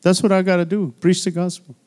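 A male pastor delivering a church sermon with a voice pitched a little high for a man. He preaches in a loose, chatty way, filling it with "you know" and "hallelujah" and often stumbling back over his words. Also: level tone, fast, darkish tone, clean tone. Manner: repeats and restarts words often.

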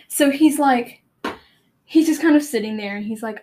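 A woman hosts a book podcast, chatting loosely through the story with lots of fillers and little laughs. She slips into reading passages aloud in a plain, mid-pitched voice. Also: steady tone, brisk, darkish tone. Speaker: podcast host. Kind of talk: casual retelling and reading aloud of a novel.

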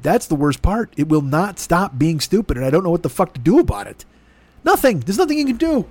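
A man's voice: high-pitched, a little mellow, no room sound. A man hosting a comedy podcast, delivering an exasperated, profane, rambling rant. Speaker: podcast host. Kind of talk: ranting comedy podcast monologue.

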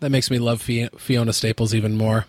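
A man's voice: mid-range voice, little pitch movement, fairly quick, darkish tone, no room sound. A man hosting a podcast, chatting casually, joking and laughing often like a gushing fan. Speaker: podcast host.

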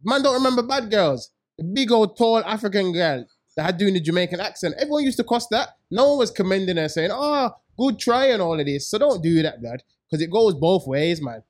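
A man's voice: high voice, animated, a little fast, hardly any pauses. A man co-hosting a podcast, telling jokey stories in heavy slang. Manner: joking, slangy, storytelling. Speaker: podcast co-host. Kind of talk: casual podcast banter.

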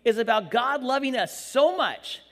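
A man's voice: extremely high pitch, moderate pace, gravelly, in a large hall. A man preaching a sermon in a church, telling the story with jokes and acting out the quotes. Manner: animated, jokey storytelling with acted-out quotes. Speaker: pastor.

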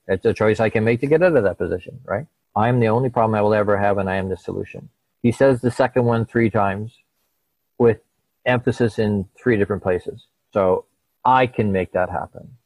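A middle-aged man appears as a guest and tells a personal story in conversation, animatedly acting out the voices of the people involved. He speaks fairly quickly at a fairly low pitch, and the recording is dry with poor audio.

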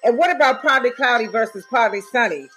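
A blunt, sassy woman co-hosting a casual podcast, her voice sitting a little high. She rants freely and swears. Faint music plays under the talk. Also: expressive, fast talker, a bit bright. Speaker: podcast co-host.

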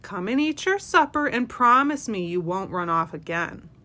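A woman voicing a gentle, patient mother rabbit in a read-aloud storybook. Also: mid-range voice, animated, normal speed. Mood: tender.

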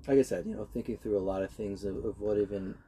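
Young man, casual chat, earnest, hesitant restarts, very dark voice, slightly low. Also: fairly even intonation, fast, a little hiss or hum. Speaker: guest.

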